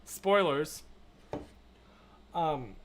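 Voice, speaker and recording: Stream host, male, casual, rambling, animated; voice sits a bit high and moves around a lot. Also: extremely slow, slight background noise. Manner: animated, rambling, shifts between loud and hushed. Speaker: livestream host. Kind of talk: casual chat reading viewer comments.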